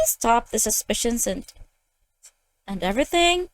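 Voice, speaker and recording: A woman's voice: mid-range voice, lively intonation, normal speed, no echo. A young woman playing a visual novel, reading every character's lines aloud in her own voice, laughing and reacting, with faint game music behind. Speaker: let's play host.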